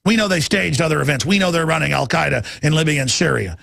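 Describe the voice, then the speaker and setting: A middle-aged man from Texas delivers a heated talk radio rant, his voice pitched high with a gravelly rasp. He hosts the show and mocks his opponents as he goes. The sound is close and dry, with no room around it. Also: animated, fast talker, a bit bright, no room sound. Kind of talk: impassioned talk radio monologue.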